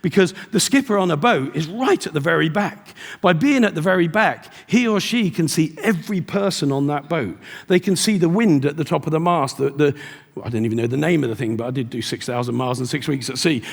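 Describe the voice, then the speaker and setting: A man's voice: fairly high pitch, animated, fairly quick, creaky. A middle-aged man giving a live keynote talk as a motivational speaker, telling stories and acting out the dialogue. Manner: storytelling with acted-out dialogue. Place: large event hall. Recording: long hall reverb at a live event.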